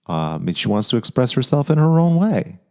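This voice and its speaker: A middle-aged man co-hosts a relaxed podcast and gives calm, earnest advice to a listener. He speaks in a mid-range voice, circling back and repeating phrases as he thinks out loud. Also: medium pitch, a little fast, clear, resonant tone. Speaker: podcast host giving dad advice. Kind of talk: casual podcast chat.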